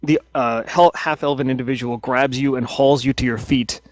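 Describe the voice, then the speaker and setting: A man's voice: mid-range voice, fairly even intonation, normal speed, no echo. Hesitant man narrating as game master. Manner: hesitant, with many restarts.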